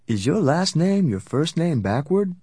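A quiet, exhausted young boy, as a male narrator voices him, speaking slowly in a slightly higher voice. The recording is dry and close. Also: sing-song, slightly rough, no echo, full character voice. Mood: tired.

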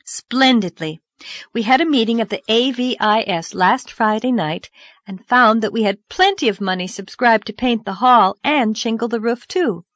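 Woman doing a lively earnest young girl, high and bouncy, dry close sound. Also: normal speed, no room sound. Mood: animated. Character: earnest, dreamy young girl, eager to persuade. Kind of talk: audiobook character voice.

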